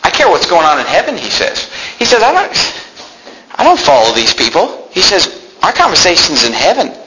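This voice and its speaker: A male pastor preaching a fiery sermon, swinging from sarcastic muttering to shouting. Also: a little high, wildly swooping pitch, moderate pace. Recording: echoey room.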